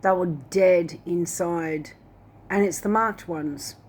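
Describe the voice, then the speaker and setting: A woman's voice: fairly low pitch, slow, darkish tone. A woman casually retelling a dream in a rambling way, full of fillers like "like" and "and that". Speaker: Christian video host.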